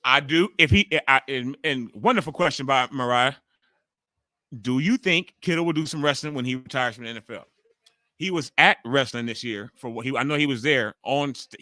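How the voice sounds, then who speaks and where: A man's voice: mid-range voice, sharp tone, no echo. A middle-aged man hosting a live watch-along stream. He chats casually and profanely, talking straight to his viewers. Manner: loose, profane, talks straight to the chat.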